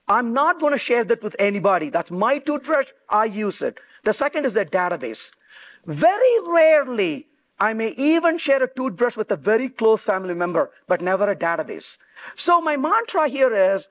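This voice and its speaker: A man giving a technical conference talk in an emphatic way, acting out quoted dialogue. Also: very high-pitched. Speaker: conference speaker. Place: conference venue.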